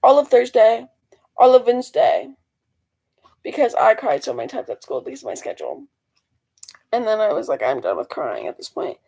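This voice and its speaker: A teenage girl talks straight to her camera in a loose, rambling vlog. Her voice sits a little high and drops into gravelly fry. She circles back and corrects herself as she goes. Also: sing-song, moderate pace, pauses often, mellow, rough recording. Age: teens. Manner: rambling storytelling with many restarts and fillers. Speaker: vlogger. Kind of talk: casual talking-to-camera vlog.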